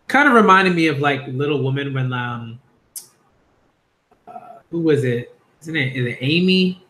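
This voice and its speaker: A man's voice: a little high, lively intonation, a little slow, pushed and bright. A man reviewing a manga in a rambling, chatty live reaction, with slangy asides. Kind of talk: casual live reaction commentary.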